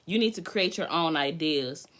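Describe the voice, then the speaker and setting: Hyper woman doing a tarot livestream, bright sharp voice, slangy and cussing, thinking out loud. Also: sits low, animated, moderate pace. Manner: hyper, loud and playful, swears casually; slangy, drifting, thinks aloud. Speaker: tarot reader.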